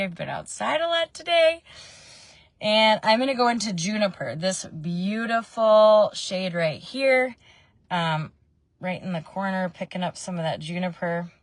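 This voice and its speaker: A woman's voice: lowish voice, dry recording. A woman in her thirties chatting casually while doing her makeup in a parked car, meandering between tips and family news with frequent ums. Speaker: makeup vlogger. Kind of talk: casual makeup tutorial chat.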